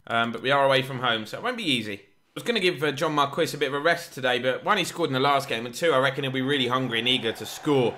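A young man giving lively commentary over his own football video game, getting loud at big chances. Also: mid-range voice, fast talker, few pauses, slight background noise. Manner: excitable, shouts at big chances. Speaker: gaming YouTuber. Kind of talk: live gameplay commentary.

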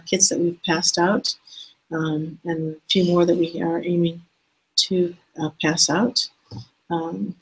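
Woman, host, video call, husky voice, slightly low, hesitant and halting. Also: low-quality recording. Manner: hesitant, halting speech that slows down to spell things out. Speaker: host of an online teaching session. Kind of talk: hosting a video hangout sign-off.

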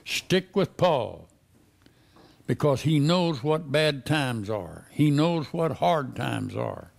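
A man's voice: medium pitch, expressive, slow pace, gravelly. A man preaching a sermon, reading verses and pressing the listeners with repeated questions. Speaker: pastor.

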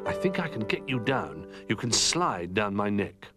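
A man voicing a gentle, cheerful young male toy giraffe in a storybook reading. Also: fairly low pitch, sing-song, moderate pace, over music.

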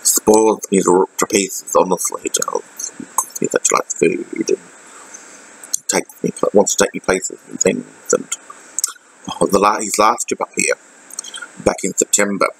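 An Australian man speaks in a personal video diary, his delivery halting and full of fillers and restarts. His voice is very deep, with a husky edge. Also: low-quality recording. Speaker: vlogger.

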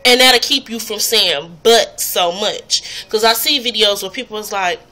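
A woman's voice: medium pitch, moderate pace, bright, forceful tone. Blunt, profane woman ranting to camera. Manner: blunt, profane, exasperated ranting with mocking impressions. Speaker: vlogger. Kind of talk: casual rant to camera.

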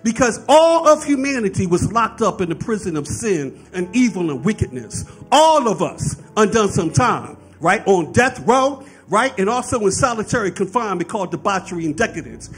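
A man's voice: sits high, big pitch swings, moderate pace, few pauses, breathy edge, faint music behind. A man preaching a sermon, explaining scripture and often checking in with his listeners with "right?". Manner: preaching with rising fervor, frequent "right?" asides. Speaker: pastor.

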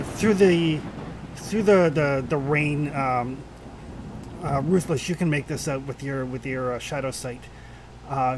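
Slow, halting male game master. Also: mid-range voice, background noise. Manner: halting, lots of "uh" and restarts while describing scenes. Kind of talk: narrating a tabletop game.

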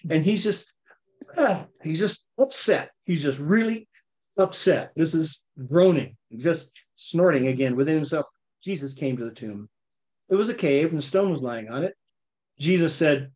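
A man leading a casual Bible study, reading verses aloud and explaining them with lively, animated asides. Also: a little high, measured pace. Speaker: Bible teacher. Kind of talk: conversational Bible study teaching.

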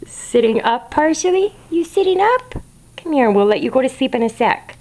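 A woman talking baby talk to a young puppy while filming it, cooing in a sing-song way and sometimes dropping to soft whispers. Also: a little high, expressive, fairly quick.

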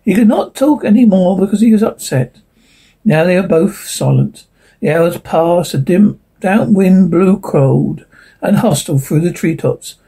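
Woman, narrator, audiobook reading, lively pitch, breathy husky tone. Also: measured pace, poor audio. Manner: informal reading with restarts.

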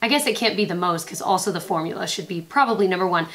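This beauty vlogger, a woman in her twenties, speaks on the low side but quickly, with lively intonation and a slightly bright sound. Her makeup review is bubbly and meandering, full of self-interrupting asides.

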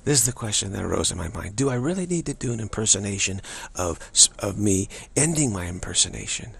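Male spiritual teacher, lowish pitch, raspy gravelly voice, halting and repetitive delivery. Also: lively intonation, fairly bright tone. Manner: halting, repeats words and restarts often. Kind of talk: reflective spiritual monologue.

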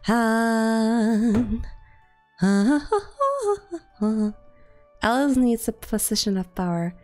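A woman streaming a game and chatting casually with friends, giggly and playful, often breaking into squeaky silly voices. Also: big pitch swings, very slow, a little mellow, faint music behind. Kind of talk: casual gameplay chat with friends.

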